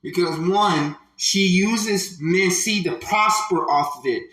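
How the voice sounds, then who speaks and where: A man giving slow, emphatic, preachy commentary on a clip, repeating his phrases. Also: high-pitched, pushed and bright, roomy sound, low-quality recording.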